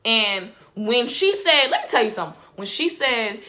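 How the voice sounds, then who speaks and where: A woman talks to her viewers in a loose, chatty vlog commentary. Her voice sits a little high and has a sharp, bright ring. She puts "like" into nearly every phrase and keeps starting over. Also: sing-song, normal speed, hardly any pauses. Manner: chatty, fills every phrase with "like", restarts sentences. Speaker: vlogger. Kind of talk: casual reaction commentary.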